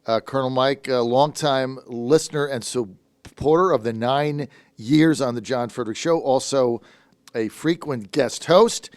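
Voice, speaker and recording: A male talk radio host with a smooth, resonant voice, recorded dry and close in a studio. He talks briskly and informally, moving quickly between guests and listener messages. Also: medium pitch, no room sound. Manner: brisk, informal, reads listener texts aloud.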